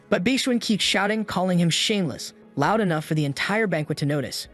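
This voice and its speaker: A man narrating a scripted story recap in a brisk, wry storytelling manner. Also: high voice, lively intonation, soft background music.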